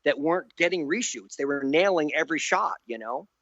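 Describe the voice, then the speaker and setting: A man's voice: a little high, lively intonation, a little fast, a bit bright, no echo, lo-fi sound. A man in his sixties, a guest animator in an interview. He tells his stories animatedly, laughs often and acts out the voices he quotes. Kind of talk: anecdotal storytelling in an interview.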